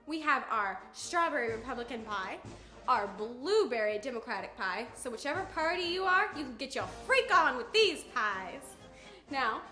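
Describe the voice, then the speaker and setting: A woman's voice: sits high, a bit bright, echoey room. A teenage girl hosting a cooking tutorial, bubbly and joking with chatty asides. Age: teens. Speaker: cooking video host.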